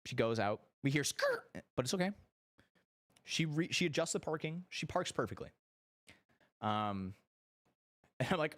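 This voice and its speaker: A young man streaming, telling a story casually, animated and profane, his voice shooting up when excited and sinking low when he reflects. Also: measured pace, long pauses, no echo. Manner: animated, swearing, jumps high in pitch when excited.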